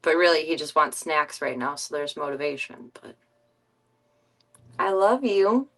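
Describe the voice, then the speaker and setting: A woman streamer in casual chat, talking softly and coaxingly to her pet. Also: low-pitched, animated, measured pace. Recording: distant mic.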